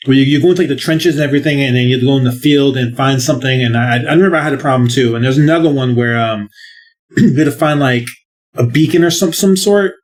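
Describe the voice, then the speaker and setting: A man with a middle-pitched voice chats about a video game on a podcast. He rambles, restarts his sentences, and swears casually. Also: fast talker. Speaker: podcast co-host. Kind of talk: casual game review chat.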